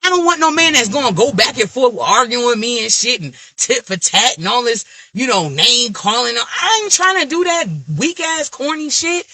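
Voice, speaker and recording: A woman with an African American Vernacular English accent rants bluntly and profanely to her camera. Her voice sits high with a very bright, cutting edge. The sound is close and dry. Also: normal speed, hardly any pauses, no echo. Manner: blunt, profane, animated ranting. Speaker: vlogger. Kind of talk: candid venting monologue.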